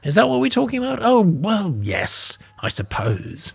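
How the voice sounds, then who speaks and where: A man's voice: high-pitched, huge pitch swings, moderate pace, gravelly, breathy edge, voice pushed up, exaggerated voice. A man voicing an idle, gin-soaked older woman office worker, prim and huffy, in a raised voice.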